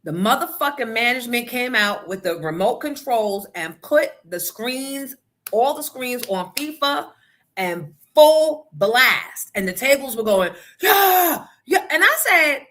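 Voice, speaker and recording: A woman hosting a morning show, telling stories in a blunt, profane, animated way. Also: on the high side, unhurried. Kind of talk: casual opinion talk.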